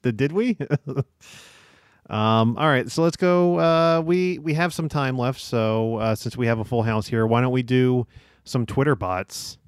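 Man, podcast host, casual chat, slow pace, dry sound. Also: mid-range voice, clear, resonant tone, no room sound.

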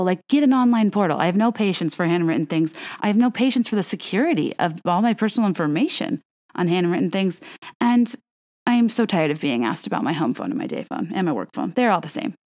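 A young woman hosting a podcast, chatting in a casual, animated rant full of fillers and self-corrections. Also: mid-range voice. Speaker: podcast host.

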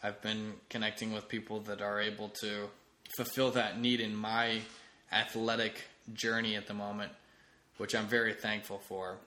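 A man's voice: fairly low pitch, flat delivery, normal speed, bright, forceful tone. A man hosting a solo comedy podcast late at night, rambling casually with restarts. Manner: rambling, with frequent restarts and fillers. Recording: echoey room.

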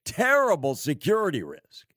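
A man preaching on prophecy, slow and emphatic, with sarcastic asides and wry laughs. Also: a little high, wildly swooping pitch, fairly bright tone, no room sound, studio quality. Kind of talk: prophecy sermon.

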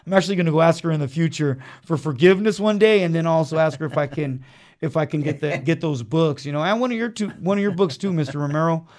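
A man's voice: fairly high pitch, fast talker, a little mellow. Earnest slangy man telling his story. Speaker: interview guest. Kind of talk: casual personal testimony. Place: small studio beside a chapel.

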